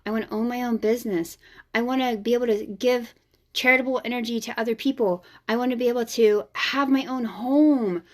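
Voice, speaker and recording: Emphatic, fairly high-voiced woman healer. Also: brisk. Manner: frank and emphatic, swears freely. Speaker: energy healer and host. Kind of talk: casual spiritual vlog talk.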